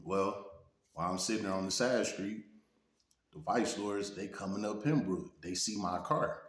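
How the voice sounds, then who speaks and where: Low-voiced Detroit man telling a street story. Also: moderate pace. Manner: laid-back, peppers talk with "you know what I'm saying". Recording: roomy echo.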